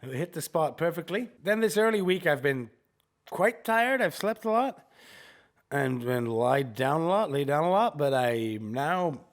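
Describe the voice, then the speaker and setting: A man co-hosting a podcast in casual chat, telling animated, joking stories while recovering from chemotherapy. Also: a little high, unhurried. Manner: animated storytelling, jokey. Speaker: podcast co-host.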